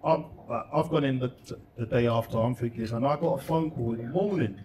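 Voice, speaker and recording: A man's voice: medium pitch, brisk, slight background noise. Man, middle-aged, former footballer, laughing casual storytelling, distant mic, roomy echo. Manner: animated, slangy, laughs while telling anecdotes.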